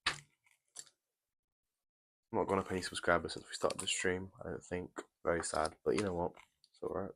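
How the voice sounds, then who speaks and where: A man's voice: low-pitched, steady tone, brisk, vocal fry, long pauses, fairly bright tone, a little hiss or hum. A young British man casually chatting to viewers on a live stream while he builds a Lego set, in a rambling, chatty way. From Britain. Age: young adult.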